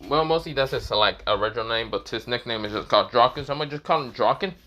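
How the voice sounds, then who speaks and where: A man's voice: medium pitch, quick pace, sharp tone, a little hiss or hum. A man casually narrating a fan story, rambling with lots of fillers and restarts.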